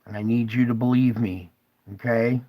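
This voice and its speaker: A man talks straight to his viewers in an urgent, emotional monologue. He sounds tearful at times, and his voice sits at an ordinary middle pitch for a man. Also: fairly even intonation, normal speed, highs cut off. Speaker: channel host.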